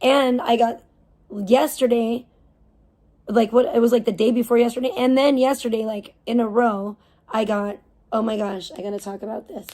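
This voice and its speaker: Brief: woman host of a live stream, fairly high-pitched, profane and fired up, loose rambling delivery. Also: steady tone, moderate pace, warm tone. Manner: profane, heated ranting; rambling with frequent restarts. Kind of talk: casual livestream rant.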